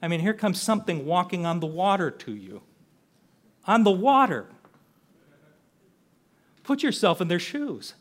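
Older male preacher, slightly high voice, earnest conversational sermon delivery. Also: huge pitch swings, a little fast, hardly any pauses. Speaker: pastor.

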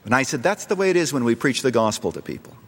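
Middle-aged male preacher, animated pitch, storytelling sermon, long hall reverb. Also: quick pace, slightly rough. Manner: storytelling, rising to loud impassioned appeals. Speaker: pastor.

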